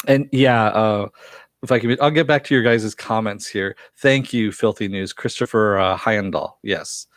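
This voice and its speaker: Chatty low-voiced man recapping a show. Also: measured pace, dry recording, clean studio sound. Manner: chatty, laughs often, frequent uh fillers while recounting scenes. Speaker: TV episode reviewer. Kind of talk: casual spoken recap and review.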